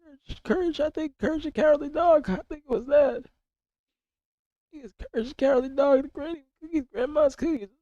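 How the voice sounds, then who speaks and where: A sick young man whose hoarse, breaking voice keeps jumping up high, chatting on a live stream. He rambles, repeats himself and swears freely. His tone is dark and muffled, recorded close and dry. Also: fairly quick, no echo. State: hoarse, voice cracking and going high from illness. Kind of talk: casual live-stream chat.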